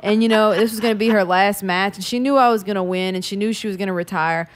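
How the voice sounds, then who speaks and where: A woman's voice: mid-range voice, fairly even intonation, quick pace, slight background noise. A woman co-hosting a casual chat, talking in a blunt, profane way.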